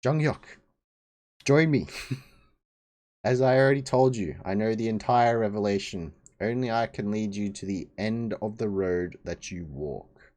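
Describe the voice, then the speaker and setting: A man's voice: lowish voice, unhurried, a little mellow, natural voice. A man reading a webtoon aloud, voicing a desperate self-styled male prophet who is a severed head, pleading and insistent. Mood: persuasive. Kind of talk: webtoon read aloud on a live stream.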